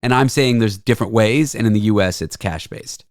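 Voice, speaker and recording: A man's voice: lowish voice, brisk, no room sound, clean studio sound. A man with a general American accent hosting a casual chat, ranting with strong opinions. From North America. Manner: opinionated, animated rant. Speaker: host.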